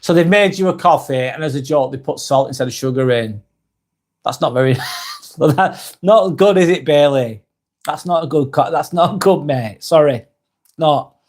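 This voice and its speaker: A British man hosting a live stream, reading viewer comments aloud and answering them in a soft, sympathetic way with light laughs. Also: fairly high pitch, moderate pace.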